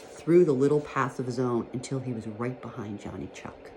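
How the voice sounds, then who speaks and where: A woman teacher with a low, warm voice reads a children's storybook aloud. She tells it in a gentle, expressive way. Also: moderate pace, hardly any pauses, a little hiss or hum.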